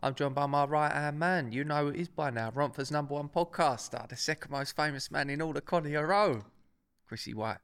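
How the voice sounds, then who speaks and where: A man's voice: fairly high pitch, brisk, fairly bright tone, smooth. Jokey man hosting a podcast. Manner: jokey, teasing. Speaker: podcast host and stand-up comedian. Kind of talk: casual banter.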